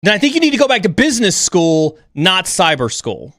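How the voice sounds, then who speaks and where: A man's voice: high-pitched, sing-song, brisk, fairly bright tone, no echo, studio quality. A man hosting a livestream chat, talking bluntly and with lots of energy, sometimes mocking others in an overreactive voice. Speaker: stream host.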